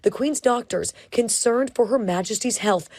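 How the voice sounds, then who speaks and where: Mellow-voiced woman narrating news. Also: a little high, normal speed, dry recording.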